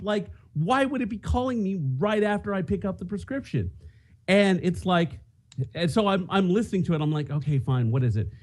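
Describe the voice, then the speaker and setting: A man's voice: high-pitched, moderate pace, darkish tone. A man co-hosting a podcast, telling a self-mocking story in casual chat. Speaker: podcast co-host.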